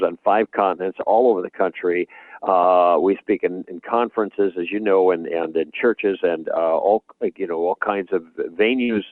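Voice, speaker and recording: A male guest author explaining his ideas in a measured, conversational way during an interview. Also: deep voice, no room sound. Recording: tinny phone-like remote line.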